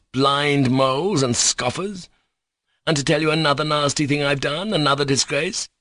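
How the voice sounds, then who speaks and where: A man's voice: medium pitch, fairly bright tone, no room sound, voice pushed up, close to an everyday voice. A man reading an angry, proud young man under questioning, with agitated, bitter outbursts, in a dry, close recording. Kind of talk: audiobook character reading.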